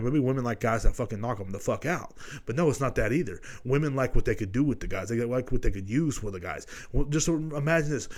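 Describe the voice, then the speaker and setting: A man in his thirties delivering a solo podcast monologue, swearing constantly as he rambles. His voice climbs into loud ranting, then sinks back to a low mutter. His pitch sits in an ordinary middle range. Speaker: podcast host.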